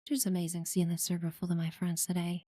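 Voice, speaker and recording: Woman streamer chatting while she plays, low mellow voice, dry sound, thanks every follow. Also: completely flat delivery, quick pace, no echo. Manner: friendly, thanks followers warmly, many fillers. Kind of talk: casual live gameplay chat.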